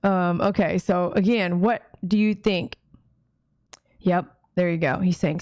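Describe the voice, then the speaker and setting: A woman's voice: lowish voice, steady tone, unhurried, darkish tone, no room sound, studio quality. A woman dog groomer hosting a casual live watch party, chatting with viewers and reading their comments aloud. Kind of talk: casual live-stream chat.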